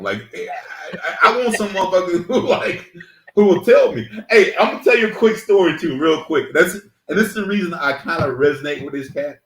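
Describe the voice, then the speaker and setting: A man talks in casual chat with a lively, swooping voice and acts out the lines of the people in his story. He laughs often as he goes. The room around him gives an echo. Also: a little high, moderate pace. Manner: animated storytelling, laughing, acting out quotes. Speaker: podcast co-host.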